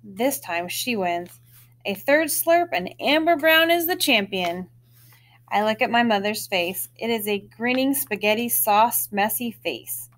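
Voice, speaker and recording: A woman reading a children's chapter book aloud, with expressive storytelling and lively lifts in her voice. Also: a little high, unhurried.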